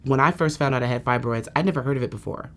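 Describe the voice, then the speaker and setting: In a candid patient-testimonial interview, a woman with a bass voice talks rapid-fire, chatty and lively. She peppers her sentences with "you know" and acts out the voices of people she quotes.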